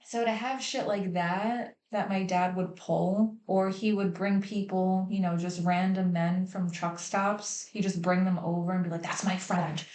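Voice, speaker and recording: A woman's voice: on the low side, steady tone, unhurried, few pauses, darkish tone. A woman hosting a livestream, talking candidly and emotionally about her family, swearing freely. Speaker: host. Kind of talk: candid personal talk on a livestream. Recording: echoey room.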